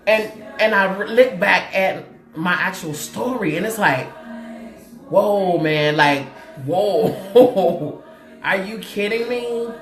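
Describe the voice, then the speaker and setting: A woman's voice: medium pitch, slow pace, roomy sound, faint music behind. Laughing woman hosting a motivational stream. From Chicago, USA. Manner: laughing often, repeating phrases, addressing viewers directly. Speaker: host. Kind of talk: casual motivational livestream talk.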